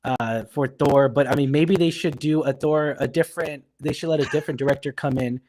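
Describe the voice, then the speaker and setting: A man's voice: mid-range voice, steady tone, fairly quick, darkish tone. A man co-hosting a live podcast, talking through his thoughts in a rambling way with many restarts. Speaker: podcast co-host. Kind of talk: live podcast chat about films.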